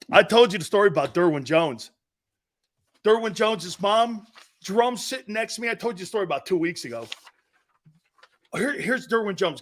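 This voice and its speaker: A middle-aged man hosting a sports talk show, telling stories in a loose, animated way and acting out the voices of the people he quotes. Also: sits high. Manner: animated storyteller, acts out quoted voices, laughs often. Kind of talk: casual storytelling monologue.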